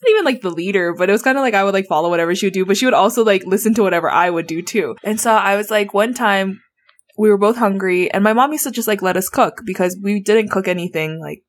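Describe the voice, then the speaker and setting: A woman guest telling childhood stories in a casual, animated, giggly way, full of "like" fillers. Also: medium pitch, fast. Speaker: interview guest. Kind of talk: casual storytelling.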